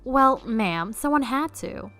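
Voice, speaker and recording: A woman voicing a calm female store manager with a dry, deadpan delivery. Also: a little high, a little fast, soft background music.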